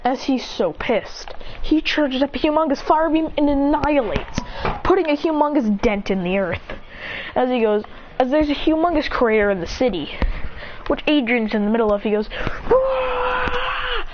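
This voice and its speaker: A woman's voice: high voice, a little fast, dull audio, noisy background. A woman narrating an improvised action story in long run-on sentences with frequent restarts. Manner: breathless run-on telling with many restarts.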